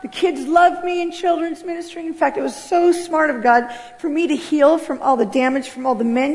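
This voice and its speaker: A middle-aged woman giving an animated spoken testimony in a church, acting out the voices in her story. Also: sits high, moderate pace, few pauses. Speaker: testimony speaker. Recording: long hall reverb.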